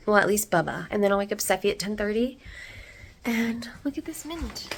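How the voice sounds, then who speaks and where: A woman's voice: medium pitch, lively intonation, fairly quick, slight background noise. A woman in her thirties rambling casually in a home vlog, filming herself on a phone around the house and garden. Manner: chatty, talks to pets and plants. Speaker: vlogger.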